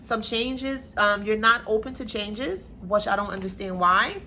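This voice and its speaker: A woman's voice: mid-range voice, lively intonation, a little slow, bright, forceful tone, slight background noise. A woman giving a casual tarot reading on her channel, talking in a sassy, chatty way full of playful slang. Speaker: tarot reader. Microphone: camera mic.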